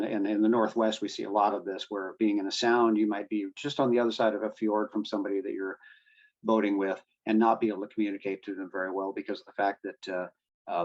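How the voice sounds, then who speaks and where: A man's voice: lowish voice, darkish tone. Guy on a video call explaining radios, lots of ums, kinda muffled lo-fi sound. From United States. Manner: explanatory, many fillers and restarts. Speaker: guest speaker on marine radio. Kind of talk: presentation to a boating club.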